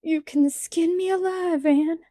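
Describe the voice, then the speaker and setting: A woman's voice: extremely high pitch, steady tone, takes it slowly, warm tone, no echo, clean studio sound, pitched above the performer's own voice. A woman voicing an impish six-year-old boy in a storybook reading, pleading and sobbing in childish slang.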